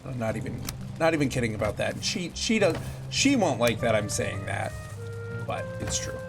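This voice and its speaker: A man's voice: mid-range voice, very animated, normal speed. A man streaming a game with a headset mic, chatting and joking with viewers as he plays. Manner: chatty, jokey, talks to chat while playing. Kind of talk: casual gameplay chat with viewers. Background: game music.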